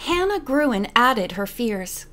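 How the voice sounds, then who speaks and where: Woman reading a mystery audiobook, steady, slightly high voice. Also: slow. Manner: steady storytelling. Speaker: audiobook narrator. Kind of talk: scripted narration.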